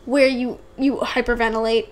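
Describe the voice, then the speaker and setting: A woman's voice: fairly high pitch, level tone, moderate pace. A young woman co-hosting a podcast, telling a long story in casual chat, rambling and repeating herself as she acts out what people said. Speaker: podcast co-host.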